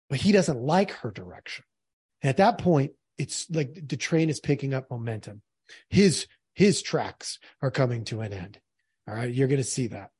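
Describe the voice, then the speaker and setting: A man's voice: mid-range voice, moderate pace, a little mellow, breathy edge, dry recording, studio quality. A man commenting earnestly on a played clip, speaking directly to his audience. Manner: earnest, addresses the audience as folks.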